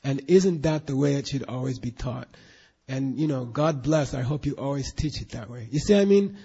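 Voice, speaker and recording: A man's voice: mid-range voice, normal speed, warm tone, breathy edge. A man teaching a Buddhist class in an emphatic, questioning way, drilling students in recitation, on a dull lo-fi recording.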